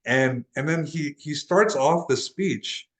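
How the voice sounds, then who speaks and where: This interview guest, a young transformational guide from Laredo, Texas, USA, has a fairly high, slightly bright voice and a slow pace. He tells a personal story earnestly and casually, often restarting and repeating words, and the recording is rough.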